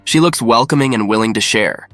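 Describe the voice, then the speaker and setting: A man reading a scripted story recap in an even, matter-of-fact way. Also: medium pitch, fairly quick, no room sound, studio quality, faint music behind. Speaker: narrator. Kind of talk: scripted narration.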